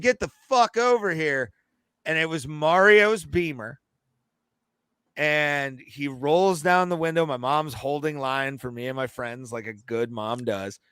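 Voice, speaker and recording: A man in his thirties, a podcast co-host telling a long, animated, profane story in casual chat. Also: medium pitch, smooth, no room sound.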